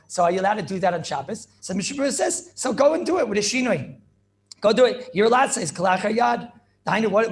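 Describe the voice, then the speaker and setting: High gravelly rabbi teaching a class. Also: male voice, slight background noise. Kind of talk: informal Torah class. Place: classroom with students.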